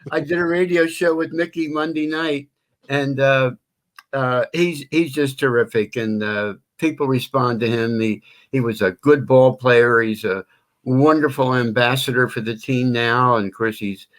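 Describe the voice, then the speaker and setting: An older man who works as a stadium announcer, chatting on an interview call, speaking gently with many pauses. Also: medium pitch, steady tone. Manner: drawn-out melodic announcer delivery when calling names. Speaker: stadium public address announcer. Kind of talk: phone-in interview chat.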